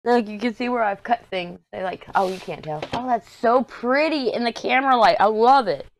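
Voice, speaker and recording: A woman's voice: a little high, normal speed, slight background noise. A woman from Texas, chatting casually in a rambling, storytelling way while she works on a craft for her vlog. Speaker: craft vlogger. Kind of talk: casual chat while diamond painting.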